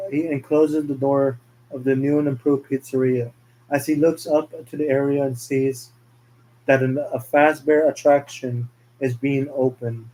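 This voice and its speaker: A man's voice: medium pitch, fairly even intonation, a little slow, warm tone, low-quality recording. A man narrating a fan story, reading scene directions plainly with occasional slips.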